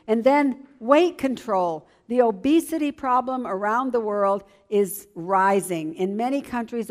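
A woman in her seventies giving an enthusiastic church presentation as a health educator. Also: medium pitch. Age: 70s. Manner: lively, enthusiastic, emphatic.

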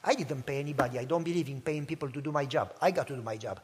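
A man's voice: medium pitch, very fast, husky, big-room sound. A male preacher, telling a personal story in a sermon and acting out both sides of a conversation. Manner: animated storytelling, acts out both sides of a dialogue.

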